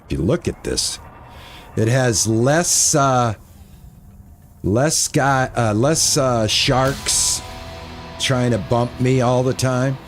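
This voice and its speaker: A man's voice: medium pitch, slow, pauses often, faint music behind. An older man streaming a game, chatting casually and thinking aloud, often repeating himself. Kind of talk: casual gameplay commentary.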